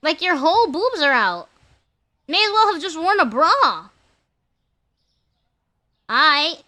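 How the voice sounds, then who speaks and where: A young woman streamer chatting casually to her viewers while gaming, playful and crude and quick to laugh. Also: very high-pitched, sing-song, pushed and bright.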